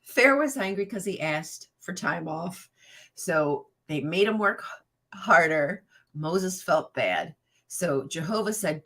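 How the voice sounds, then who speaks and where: Sassy, husky-voiced woman reading and ranting. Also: lowish voice, lively intonation, slow pace, a bit bright. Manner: sassy, profane asides, laughs at her own jokes. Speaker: livestream host reading a children's Bible storybook. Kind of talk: casual reading with rant commentary to live chat.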